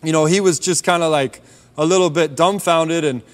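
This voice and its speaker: A man telling a personal faith story in a relaxed, conversational sermon, dropping softer on key points. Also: on the high side, moderate pace. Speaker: preacher sharing a testimony. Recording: long hall reverb.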